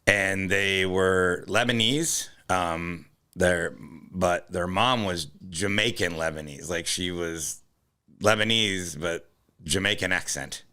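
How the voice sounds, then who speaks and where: A man co-hosting a comedy podcast in loose, profane, joking chat, laughing often and slipping into quick impressions. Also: low voice, sharp tone. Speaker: podcast co-host.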